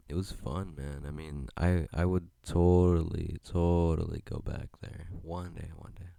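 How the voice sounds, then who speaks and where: A man's voice: low voice, creaky, warm tone, dry recording. A young man hosting a solo podcast, rambling in a laid-back way and swearing freely. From United States. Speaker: podcast host. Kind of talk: solo casual podcast chat.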